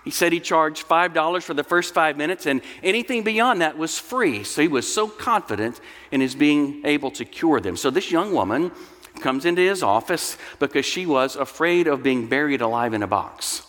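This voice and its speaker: A man's voice: fairly high pitch, expressive, moderate pace, a bit bright, in a large hall. A man preaching a sermon as pastor, earnest and explanatory with storytelling asides, in a church sanctuary.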